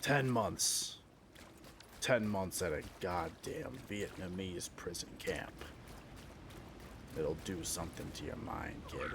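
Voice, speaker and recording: A man's voice: low voice, animated, slow pace, long pauses, background noise, pitched below the performer's own voice, exaggerated voice. A man doing a grim, hardened old soldier.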